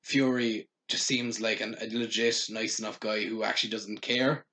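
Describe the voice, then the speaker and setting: Man co-host, bright sharp tone, rambling and laughing often. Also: on the low side, level tone, moderate pace. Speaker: podcast co-host. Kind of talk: casual wrestling chat.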